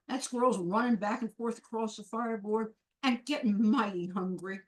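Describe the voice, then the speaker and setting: A woman's voice: mid-range voice, normal speed, few pauses. Rhythmic woman telling a folk tale. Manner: rhythmic, repetitive, with sound words. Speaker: storyteller.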